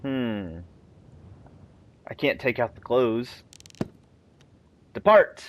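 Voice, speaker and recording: A man's voice: medium pitch, animated, normal speed, fairly bright tone, rough recording. A young man chatting casually while playing a video game, reading the game text aloud and laughing at himself. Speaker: let's play host. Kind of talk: casual gameplay commentary.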